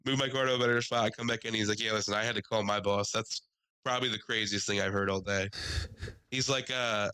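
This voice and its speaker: A man telling a story in casual podcast chat, animated, acting out the people he quotes. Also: fast, smooth, no echo, poor audio. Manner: animated, acts out quoted people in higher voices. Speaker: podcast co-host.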